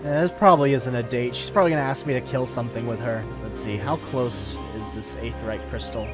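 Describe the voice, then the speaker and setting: A man casually commenting on his own game playthrough, quiet and muttering, swearing when frustrated. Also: mid-range voice, steady tone, fast talker. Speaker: gamer narrating his playthrough. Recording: clear background music.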